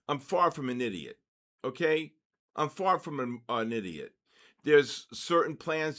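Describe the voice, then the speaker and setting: Male, 60s, veteran trading host; slightly raised pitch, forceful lecturing delivery with constant check-ins. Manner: emphatic, lecturing, repeats points with "okay?" and "all right?". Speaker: trading educator hosting a live session. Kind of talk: live-streamed trading lecture.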